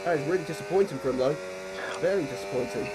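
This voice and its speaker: A man's voice: a little high, fast talker, darkish tone. A man commentating a sim racing league in casual, bantering live-stream style. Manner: chatty, swearing, banter. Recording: noisy home stream mic.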